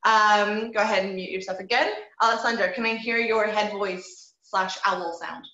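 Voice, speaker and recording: A woman's voice: mid-range voice, steady tone, moderate pace, pushed and bright. A woman teaching an online group voice lesson, encouraging her students and demonstrating sounds as she explains. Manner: encouraging, demonstrative, models owl hoots and bird sounds. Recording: echoey, dull lo-fi call audio.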